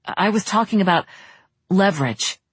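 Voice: mid-range voice, lively intonation, normal speed, fairly bright tone, slightly rough, no echo. An audiobook narrator voicing a woman scientist who speaks in a clipped, precise way. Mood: urgent. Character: guarded, analytical woman scientist.

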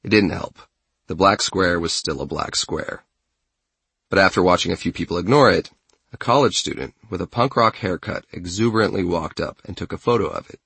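A man narrates a written essay in a measured, steady way. His voice sits very low and has a gravelly, husky edge. The sound is dry and close, with no room echo. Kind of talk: scripted narration.

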